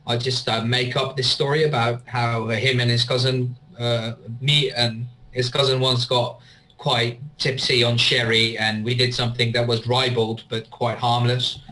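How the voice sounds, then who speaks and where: A man playing a tabletop game, relaxed and wry, pausing often with fillers. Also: medium pitch, slight background noise, poor audio. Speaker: player.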